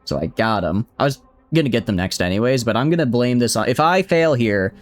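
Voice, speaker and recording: A man's voice: mid-range voice, animated, brisk, no echo, faint music behind. A man with a Southern US accent, a game streamer talking playfully and teasingly to his chat while he plays. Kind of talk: casual live-stream chat.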